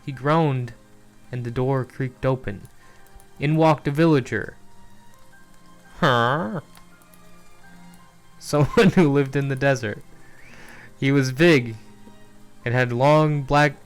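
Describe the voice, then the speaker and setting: Smooth-voiced man reading aloud casually. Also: medium pitch, fairly even intonation, a little slow, faint music behind. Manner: laughing at his own writing, stumbling and restarting. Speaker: streamer reading his own novel. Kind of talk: casual read-aloud on a stream.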